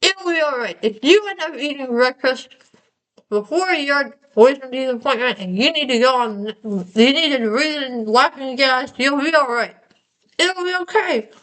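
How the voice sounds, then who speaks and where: A woman's voice: sits high, animated, normal speed, a bit bright, low-quality recording. A young woman vlogging casually with a numb mouth after dental surgery, rambling and self-mocking. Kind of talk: casual vlog monologue.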